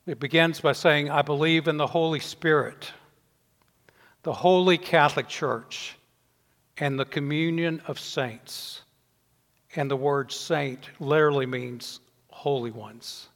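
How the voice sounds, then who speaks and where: An older man delivers a sermon at an even, middle pitch. He preaches in a measured way, his voice sinking softly at the ends of phrases. The sound carries a long reverb from a church sanctuary. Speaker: pastor.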